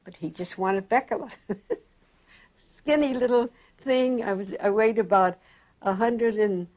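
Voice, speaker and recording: An elderly woman recalling her youth in a slow, reflective oral history interview. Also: mid-range voice. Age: older. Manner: slow, reflective, animated in quotes.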